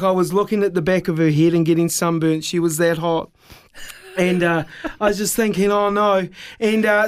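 High-voiced man. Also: clear, resonant tone. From New Zealand. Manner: lively, self-deprecating, dramatic. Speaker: evangelist guest. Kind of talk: animated storytelling on radio.

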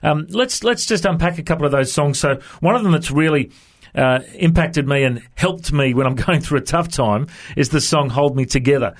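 A man's voice: on the high side, normal speed. A man hosting a Christian radio interview, asking questions in an affirming way with frequent restarts. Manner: warm-hearted, affirming, hesitant restarts.

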